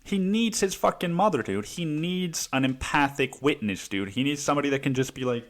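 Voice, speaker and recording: A man's voice: a little high, animated, brisk, hardly any pauses. A man hosting a podcast, telling a story in a casual, heated monologue full of swearing and "dude.". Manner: profane, heated, says "dude" often. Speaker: podcast host.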